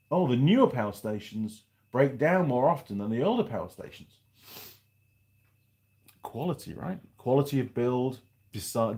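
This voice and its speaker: A man's voice: mid-range voice, darkish tone. A man hosting a live stream from his workshop, chatting casually and rambling through viewer comments with restarts and asides. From United Kingdom. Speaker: livestream host. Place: home workshop.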